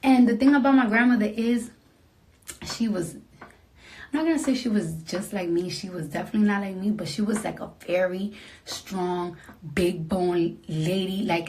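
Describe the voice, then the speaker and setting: Emotional woman talking softly late at night. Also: unhurried, a little hiss or hum. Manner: emotional, rambling, heartfelt; soft and low-key, trailing into near-whispers. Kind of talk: late-night livestream talk to fans.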